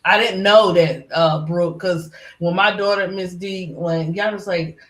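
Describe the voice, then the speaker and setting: A woman's voice: fairly low pitch, fairly even intonation, measured pace. A middle-aged woman chatting casually as a live-stream panelist, rambling with lots of "you know" fillers. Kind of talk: casual chat. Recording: echoey room.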